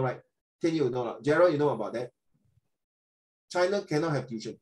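Older guy tutoring, lively and talky, voice on the high side. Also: rough recording. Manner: animated, chatty, mixes in Chinese tags. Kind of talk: online English lesson.

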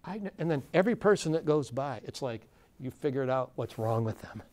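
A man of average pitch leads a conference workshop in a loose, conversational way. He asks the room questions and often stops and restarts his sentences, with frequent fillers. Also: lively intonation, brisk, darkish tone. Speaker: workshop facilitator. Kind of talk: conversational lecture to a live audience.

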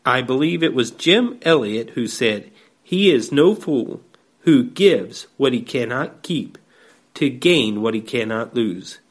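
A man delivering a slow, measured devotional sermon, reading scripture aloud. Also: mid-range voice, animated. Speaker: preacher.

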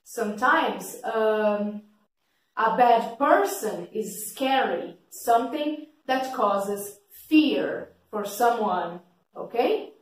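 Brief: fairly high-voiced woman teaching vocabulary, loud and patient, mic far off in a booming room. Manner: clear, patient explaining with frequent "okay?" checks; describes her teaching voice as kind of loud. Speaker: English teacher. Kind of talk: slow vocabulary lesson for learners. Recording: very echoey room, voice from a distance.

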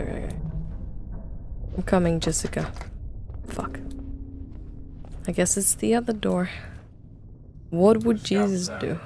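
A woman's voice: lowish voice, gravelly, warm tone, a little hiss or hum. A young woman streaming a horror game live, talking to her chat with jumpy remarks and plenty of swearing. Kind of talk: live gameplay commentary.

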